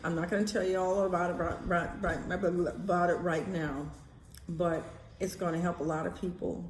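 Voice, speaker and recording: A woman vlogging in a casual, animated chatty way, swearing now and then. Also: lowish voice, normal speed, echoey room, a little hiss or hum. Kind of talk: casual chat to camera.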